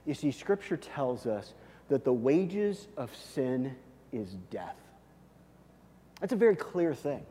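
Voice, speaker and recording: A man preaching a sermon as a pastor, telling the story animatedly and swinging between loud and hushed. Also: mid-range voice, big pitch swings, takes it slowly, long pauses, in a large hall, slight background noise.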